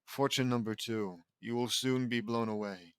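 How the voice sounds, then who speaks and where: A man voicing a gloomy gothic girl who reads tarot cards, with flat, ominous, slow delivery. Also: mid-range voice, clear, resonant tone, no room sound, natural voice.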